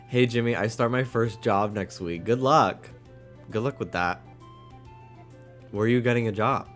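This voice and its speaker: A man's voice: mid-range voice, normal speed, fairly bright tone. Chatty streamer guy over faint music. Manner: chatty, jokey, reads chat aloud. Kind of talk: casual live-stream chat.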